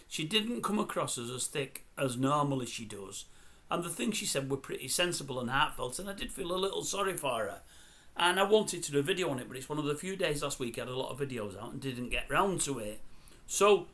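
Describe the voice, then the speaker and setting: A man's voice: mid-range voice, bright, forceful tone. An older man grumbling and mocking in a chatty celebrity commentary video. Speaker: YouTube commentator.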